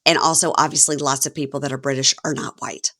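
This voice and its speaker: A woman with a Southern accent hosting a casual reality TV recap podcast, chatty and self-deprecating with quick asides. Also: extremely low pitch, level tone, sharp tone. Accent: Southern American. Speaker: podcast host.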